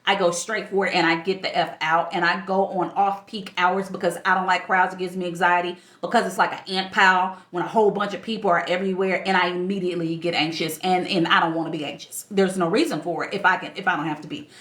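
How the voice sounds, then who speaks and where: A woman's voice: lowish voice, level tone, fast talker, hardly any pauses, fairly bright tone, reverberant. A woman in her forties, a life coach, talking candidly to camera in a casual vlog, emphatic and fond of rhetorical questions. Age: 40s.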